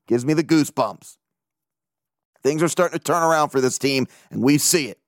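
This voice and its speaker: A man's voice: fairly high pitch, no room sound, studio quality. A man hosting a casual solo podcast, rambling and joking, swearing freely as he talks. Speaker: podcast host.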